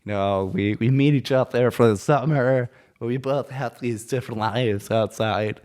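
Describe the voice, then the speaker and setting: A man's voice: medium pitch, normal speed, darkish tone. A young man co-hosting a comedy podcast, chatting casually and rambling with many restarts and fillers. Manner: rambling, hesitant, full of restarts.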